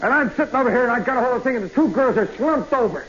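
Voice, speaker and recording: A man telling a comic story in a live radio monologue, swinging from hushed asides to loud yelps. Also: very high voice, lively intonation, very fast. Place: nightclub stage. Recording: muffled vintage radio broadcast with hiss.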